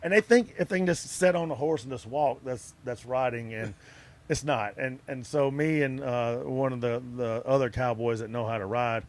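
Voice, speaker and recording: A man's voice: mid-range voice, normal speed. A middle-aged man, telling stories as an interview guest, often laughing and acting out other people's lines. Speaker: interview guest, wrestler and actor. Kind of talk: casual anecdotal storytelling. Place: outdoor music festival grounds.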